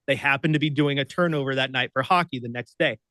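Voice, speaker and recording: His voice is mid-range and quick. This guest, a radio producer and host from Oregon, gives an animated telling of a story, excitable and full of laughter, slipping into acted-out voices along the way. No echo is audible.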